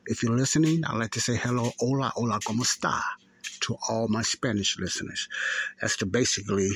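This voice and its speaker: A man's voice: medium pitch, steady tone, brisk, fairly bright tone, slight background noise. A man, hosting a faith podcast and telling a story in a rambling, repetitive way. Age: 50s. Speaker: podcast host. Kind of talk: casual spoken testimony.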